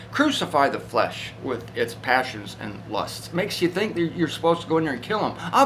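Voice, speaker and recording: Male Bible teacher, slightly high voice, animated and casual, faint background hiss. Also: rough recording. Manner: animated and conversational, acting out voices. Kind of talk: informal Bible teaching talk.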